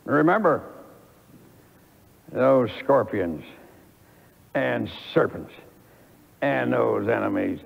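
Old pastor preaching slow and gravelly, folksy story, echoey old church tape. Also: male voice, mid-range voice, animated. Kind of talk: sermon. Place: church sanctuary before a congregation. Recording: echoey, dull old archival church recording.

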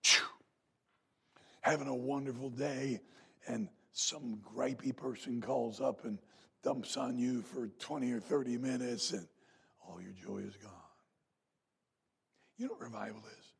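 A man preaching a revival sermon in a church, telling folksy stories and rising to loud emphatic peaks. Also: mid-range voice, unhurried, creaky, long pauses, slightly rough. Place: church sanctuary.

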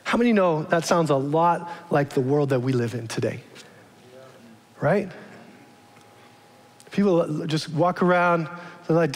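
A man's voice: fairly high pitch, expressive, a little slow, long pauses. A male pastor giving a casual, conversational sermon, often asking his congregation questions. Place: large church. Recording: long church-hall reverb.

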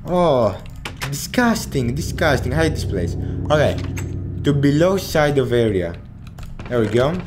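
A man commentating a horror game, swearing freely and breaking into panicked shouts at the scares. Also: mid-range voice, sing-song, measured pace, pauses often, music in the background. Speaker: gaming channel host.

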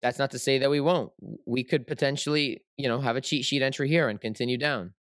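A man's voice: mid-range voice, fairly even intonation, fairly quick, fairly bright tone, no room sound, clean studio sound. A man hosting a trading livestream, teaching in a casual, rambling way with lots of fillers and tag questions.

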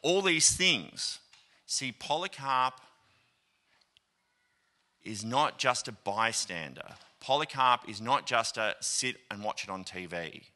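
Australian male pastor, storytelling sermon, very bright and lively delivery, acts out the people in his stories. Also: mid-range voice, slow pace. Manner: animated, acts out quoted voices, many fillers. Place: church auditorium.

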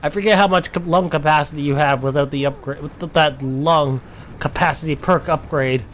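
A young man giving playful gameplay commentary, taunting enemies and breaking into drawn-out mock-dramatic shouts. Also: a little high, steady tone, a little hiss or hum.

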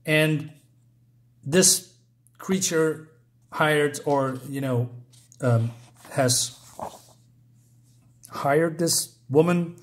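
A man's voice: a little high, drawn-out words, long pauses, slight background noise. A man casually recapping and reviewing a comic book, rambling with frequent fillers and self-corrections.

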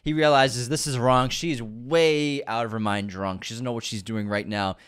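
A man's voice: mid-range voice, fairly even intonation, moderate pace, a bit bright, smooth. A man co-hosting a podcast, recapping a comedy film in casual chat, laughing often and acting out quoted lines. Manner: laughing, acts out quoted lines in raised voices. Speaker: podcast co-host.

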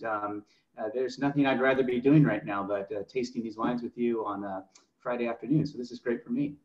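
A middle-aged man speaking as a wine expert on a video call. He talks eagerly, with plenty of fillers and self-corrections. The audio is roomy and a little dull. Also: medium pitch. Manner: enthusiastic, with many fillers and restarts. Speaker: master sommelier guest. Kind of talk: presenting slides in a wine tasting webinar.

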